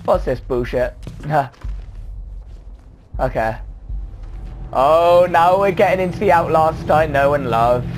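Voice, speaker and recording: A young man giving excitable let's play commentary on a horror game, swearing a lot and breaking into yelps and nervous laughter. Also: fairly high pitch, slow pace, pauses often, over music. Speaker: gaming video host.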